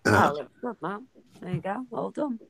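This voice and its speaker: A woman's voice: mid-range voice, expressive, vocal fry, a crowd in the background. A woman with a Liverpool Scouse accent, chatting casually and teasing friends on a video call. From Liverpool, England. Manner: chatty, teasing, quick to laugh.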